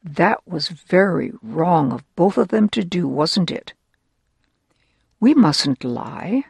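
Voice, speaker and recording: Gravelly children's Bible storyteller. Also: medium pitch, animated, no echo, clean studio sound. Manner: slow and deliberate, asks listeners rhetorical questions.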